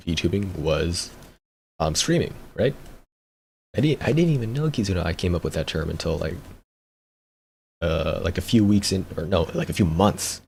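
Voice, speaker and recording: A man's voice: deep voice, vocal fry, a little mellow, slight background noise. A young man streamer chatting casually, rambling, repeating words and laughing often. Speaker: VTuber streamer.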